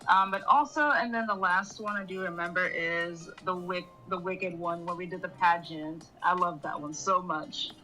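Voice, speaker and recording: A woman's voice: on the low side, normal speed, few pauses, pushed and bright, soft background music, poor audio. A woman co-host chatting casually on a podcast, rambling through her memories with lots of fillers.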